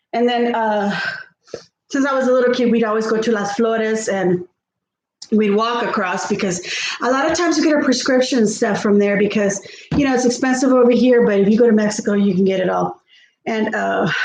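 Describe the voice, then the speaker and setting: A chatty middle-aged woman talks to her viewers while cooking at home, often laughing and reading their comments aloud. Her voice sits high, and the kitchen echoes around her. A faint hum of ambience sits under her voice. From South Texas. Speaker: vlogger. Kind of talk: casual chat while cooking.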